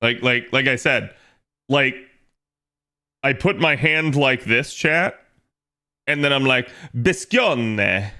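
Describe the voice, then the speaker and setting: A man's voice: medium pitch, steady tone, slow, pauses often, sharp tone. A man chatting casually on a livestream, rambling with lots of fillers and frequent laughter. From United States. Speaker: streamer.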